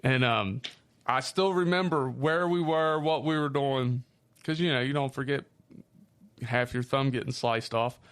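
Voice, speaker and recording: A man with a Midwestern accent chatting on a podcast, swearing easily as he tells stories. His voice sits at an ordinary middle pitch, and he talks loosely and casually. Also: measured pace, clear, resonant tone. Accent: Midwestern American. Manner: swearing storyteller, lively. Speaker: podcast co-host. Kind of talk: casual chat.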